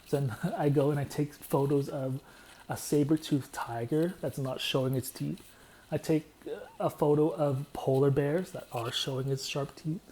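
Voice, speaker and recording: A man telling long, meandering stories in a deadpan, repetitive way. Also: a little high, normal speed. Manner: meandering, deadpan, repeats himself. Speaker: vlogger. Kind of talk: rambling storytelling monologue.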